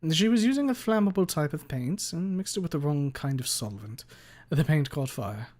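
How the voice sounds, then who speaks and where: A charming, easygoing teacher from a visual novel, as a male narrator voices him. He speaks smoothly and genially, a little above the reader's usual pitch. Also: lively intonation, moderate pace, a little mellow, natural voice. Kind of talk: visual novel read aloud.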